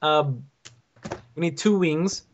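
Young male co-player, matter-of-fact and practical, slightly high voice, muffled voice chat. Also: slow, a little hiss or hum. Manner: practical, explains steps. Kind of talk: casual gaming chat. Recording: dull lo-fi voice chat audio.

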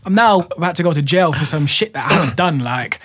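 London man, podcast guest, husky voice, slangy, animated storyteller. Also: fairly high pitch, fast talker. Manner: animated, laughing, slang-heavy, says "bro" often. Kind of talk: casual storytelling.

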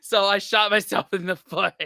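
A woman's voice: mid-range voice, fairly even intonation, moderate pace, gravelly, sharp tone, dry recording, studio quality. An American woman co-hosting a reaction video, chatting casually and laughing at herself. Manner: giggly, self-mocking. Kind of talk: casual chat.

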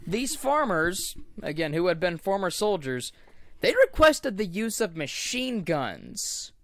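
A man's voice: high-pitched, very animated, a little slow, no room sound. A man co-hosting a podcast, telling a history story casually with asides and easy laughter. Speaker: podcast co-host.

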